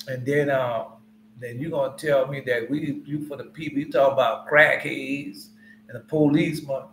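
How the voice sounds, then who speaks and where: A man's voice: on the high side, a bit bright, slight background noise. A man giving informal Bible teaching, talking loosely and conversationally and quizzing his listeners. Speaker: preacher. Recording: echoey room.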